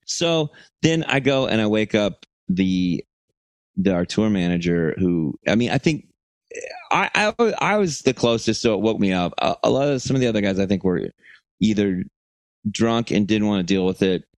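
A man's voice: on the low side, animated, normal speed, no echo. A man from Texas co-hosting a podcast, telling a rambling, profane anecdote and acting out quotes in a casual chat. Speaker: podcast co-host.

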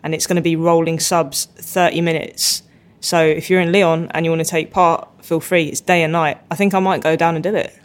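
A man co-hosting a podcast, chatting in a relaxed, easygoing way. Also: fairly high pitch, a little fast. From Philippines. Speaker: podcast co-host. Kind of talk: casual chat.

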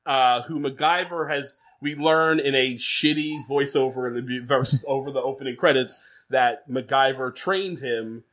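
A man co-hosting a casual podcast chat, animated and swearing, laughing often. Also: mid-range voice, moderate pace, hardly any pauses. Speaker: podcast co-host.

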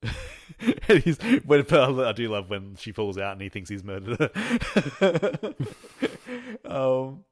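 A man's voice: mid-range voice, big pitch swings, takes it slowly, pauses often, no echo, clean studio sound. A man co-hosting a podcast in casual chat, laughing often and filling with "like" and "um". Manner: laughing often, many fillers. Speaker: podcast co-host.

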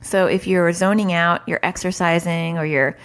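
A woman's voice: on the low side, steady tone, moderate pace, clear, resonant tone. A woman hosting a parenting podcast, talking frankly and casually and laughing at herself now and then. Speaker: podcast host, parenting educator.

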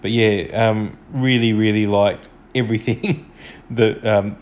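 A man's voice: fairly low pitch, steady tone, slow pace, muffled recording. A man hosting a solo podcast, chatting enthusiastically and a little self-deprecatingly as he reviews an episode from home. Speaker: podcast host. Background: dog snoring.

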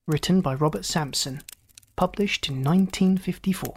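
A host narrating an old science fiction story as a calm, inviting storyteller, in a scripted audiobook reading. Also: mid-range voice, moderate pace, breathy edge.

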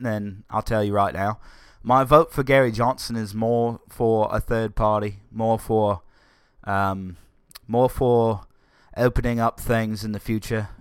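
A man's voice: medium pitch, fairly bright tone, no echo, studio quality. A man giving a casual political rant, sarcastic and full of fillers and restarts. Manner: sarcastic, ranting, with many fillers. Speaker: political commentator.

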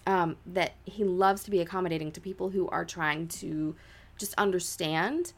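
With a lowish voice at a moderate pace, a young adult woman co-hosting a podcast recounts a ghost story. She keeps it casual and chatty, using many "like" fillers and dramatic voices when quoting.

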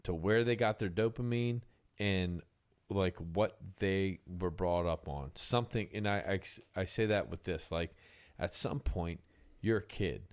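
A man's voice: low voice, measured pace, clear, resonant tone. A young man hosting a casual podcast chat about music, loose and profane, often trailing off and restarting.

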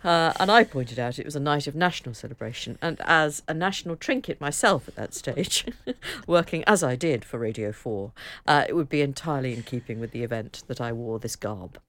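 A woman's voice: rumbling low, expressive, a little fast, fairly bright tone, no room sound. A woman from northern Liverpool co-hosting a radio chat show, trading dry, self-mocking remarks and reading out listener emails. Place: radio studio.

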